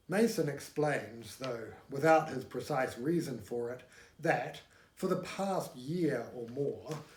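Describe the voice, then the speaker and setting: Wry man reading a novel aloud. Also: fairly high pitch. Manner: measured, wry narration. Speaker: audiobook reader. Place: home room. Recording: echoey room.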